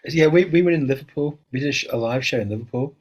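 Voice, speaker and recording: Husky-voiced male co-host. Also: medium pitch, quick pace, a little mellow. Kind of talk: casual chat.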